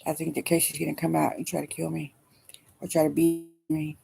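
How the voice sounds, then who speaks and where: A middle-aged woman speaking haltingly and wearily in a personal video diary, emotional as she talks. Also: deep voice, little pitch movement, vocal fry, music in the background. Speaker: vlogger.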